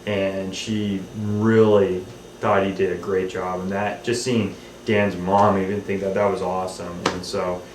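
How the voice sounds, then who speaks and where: Brief: male director, lowish voice, easygoing and rambling, recorded at a distance in an echoey room. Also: level tone, measured pace. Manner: rambling, many ums and restarts. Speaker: film director. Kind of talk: casual behind-the-scenes recollection. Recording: roomy, off-mic, faint hiss.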